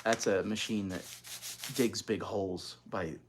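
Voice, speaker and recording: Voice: low voice, fairly even intonation, unhurried, slight background noise. A reader narrating a children's chapter book aloud, adding chatty asides to young listeners. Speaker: storybook reader.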